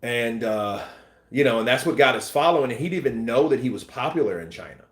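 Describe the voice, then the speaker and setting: A man hosting a boxing news channel, chatting casually and acting out scenes with shouts and sound effects. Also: medium pitch, expressive, fast, reverberant. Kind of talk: casual live-stream chat.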